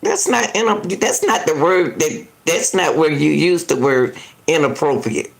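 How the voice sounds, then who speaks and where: A woman's voice: low-pitched, measured pace, gravelly. A woman doing live reaction commentary, indignantly arguing back at a news clip and talking straight to her viewers. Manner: indignant, argues back at the clip, repeats herself; casual and talkative, addresses viewers directly.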